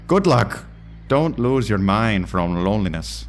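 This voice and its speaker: A man voicing an old-timey, gruff male boatman with a put-on Irish accent and slow, drawn-out delivery. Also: lowish voice, sing-song, faint music behind.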